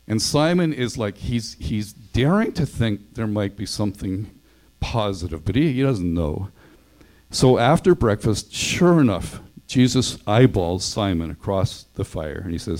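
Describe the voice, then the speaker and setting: A man's voice: lowish voice, lively intonation, unhurried, a little mellow, rough recording. A male pastor preaching a sermon in a conversational way, acting out the voices of the people he quotes.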